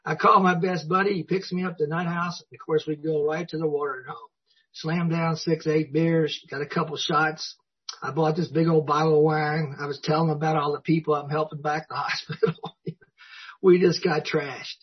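A man tells his story to a recovery meeting crowd in a husky, slightly raised voice. He is folksy and self-mocking and chuckles often, and the recording sounds dull and lo-fi. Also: on the high side, flat delivery, normal speed. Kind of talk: personal story told to an audience.

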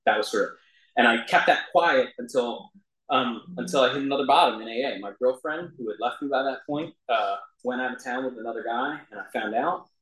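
Guy telling his recovery story, pokes fun at himself, mid-pitched voice, echoey room. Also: fairly quick, a bit bright. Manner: self-deprecating, laughs through his own story. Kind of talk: personal storytelling talk. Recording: roomy echo.

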